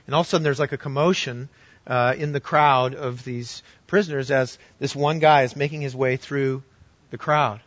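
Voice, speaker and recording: A man preaching a sermon as pastor, telling a story earnestly and swinging from loud to hushed. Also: mid-range voice, steady tone, normal speed, no room sound, lo-fi sound.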